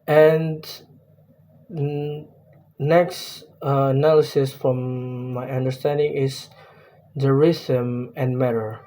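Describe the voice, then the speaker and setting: A man's voice: medium pitch, steady tone, slow pace, warm tone. A young man with an Indonesian accent giving a class presentation on a poem, hesitant and full of fillers and restarts. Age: young adult. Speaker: student presenting a poem analysis.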